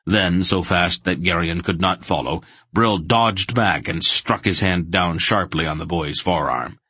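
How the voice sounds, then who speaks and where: A man narrating a fantasy audiobook in a measured, deliberate way. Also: low-pitched, pushed and bright, husky, dry recording.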